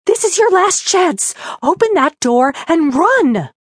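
A woman voicing the ghost of a hostile middle-aged woman who spits out cold warnings in a raised, high voice. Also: big pitch swings, a little slow, husky, no echo, clean studio sound. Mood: urgent.

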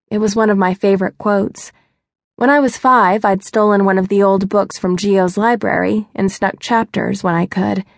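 A woman's voice: mid-range voice, fairly even intonation, moderate pace, vocal fry, no echo, clean studio sound. A young woman narrating a first-person romance audiobook in a wry, chatty, self-mocking way. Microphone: close studio mic.

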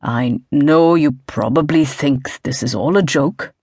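A woman reading the part of an elderly male business tycoon who speaks in a clipped, even, insistent way. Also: fairly high pitch, measured pace, husky, dry recording, clean studio sound. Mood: sharp, insistent. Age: older.

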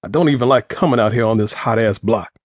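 A man's voice: mid-range voice, fast talker, no echo, lightly acted. A man voicing a hard-edged adult drug boss who barks profane commands. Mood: brusque.

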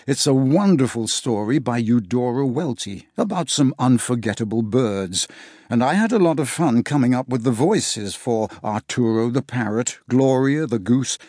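Brief: male family-audiobook narrator, animated delivery, slightly husky tone. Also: medium pitch, no echo, studio quality. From England. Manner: lively, playful storytelling.

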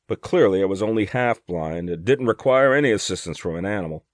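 A man reading first-person fiction aloud as an audiobook narrator, with dry, wry humor. His voice sits fairly low. The recording is very dry and close to the mic. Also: animated, brisk, no room sound.

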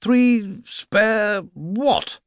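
A man playing a stern, sarcastic middle-aged schoolteacher in a storybook reading, in a high, slow, bellowing voice. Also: smooth, no echo, studio quality, exaggerated voice.

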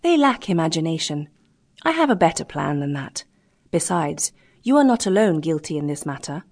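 A woman reading an audiobook, voicing a defiant male mutineer leader who speaks roughly and accusingly. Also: deep voice, big pitch swings, moderate pace, a little mellow, exaggerated voice. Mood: bitter accusing.

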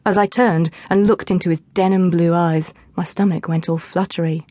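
A woman narrating a teen novel in the first person, in a lively storytelling manner, close to the mic. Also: fairly low pitch, moderate pace, few pauses, no echo. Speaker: audiobook narrator.

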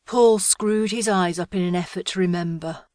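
Woman audiobook narrator, wry comic delivery, lowish voice, dry close recording. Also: normal speed, darkish tone, no room sound.

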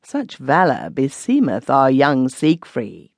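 Casting: woman doing a sly mocking young nobleman, drawn-out irony. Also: rumbling low, huge pitch swings, creaky, darkish tone, dry recording, studio quality, heavily acted.

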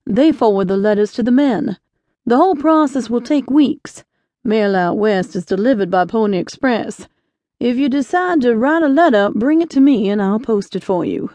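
A woman reading an audiobook, voicing a kindly, cautious older male shopkeeper in a gentle, fatherly way. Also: on the high side, animated, moderate pace, no echo, natural voice.

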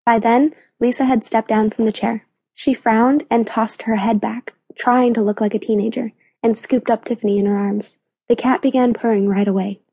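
Lady reading a kids' audiobook, clear and even, fairly high voice, dry close sound. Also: moderate pace, dry recording. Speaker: audiobook narrator. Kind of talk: children's audiobook narration.

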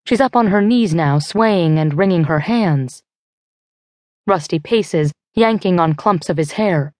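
A woman narrating a young adult thriller audiobook in first person, measured and tense, on a close studio mic. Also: fairly low pitch, no echo.

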